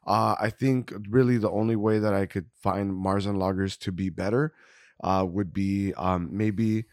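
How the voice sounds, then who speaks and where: A man's voice: fairly low pitch, steady tone, unhurried, darkish tone, no room sound, studio quality. A man co-hosting a podcast, rating beers in a casual, rambling way full of fillers and little laughs. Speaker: podcast co-host. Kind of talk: casual beer-tasting chat.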